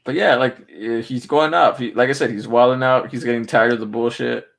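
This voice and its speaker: A man's voice: mid-range voice, fairly even intonation, fairly quick, vocal fry, fairly bright tone. A man hosting a casual podcast, rambling in a laid-back way and swearing freely.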